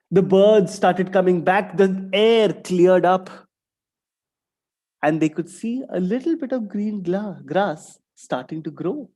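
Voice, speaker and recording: A man telling a story to young children, expressive and full of sound effects. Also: sits high.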